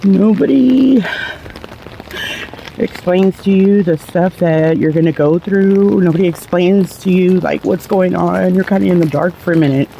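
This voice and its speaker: A woman's voice: lowish voice, fairly even intonation, moderate pace, creaky, hardly any pauses, dark tone, a little hiss or hum, low-quality recording. A middle-aged woman telling her own story in a candid, rambling, blunt way, swearing casually. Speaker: vlogger sharing her cancer story.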